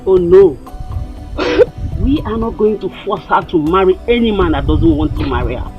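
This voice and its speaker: A Nigerian actress plays a calm, assured noblewoman mother in a film drama, soothing in a lively rising-and-falling voice. Faint music plays beneath. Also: on the low side, moderate pace, dull audio, close to an everyday voice. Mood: reassuring. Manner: soothing, reassuring. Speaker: mother of Obiora.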